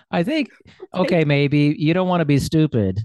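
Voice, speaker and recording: A man's voice: fairly high pitch, darkish tone, no echo, studio quality. A man hosting a casual interview, rambling and self-deprecating, often laughing at his own remarks.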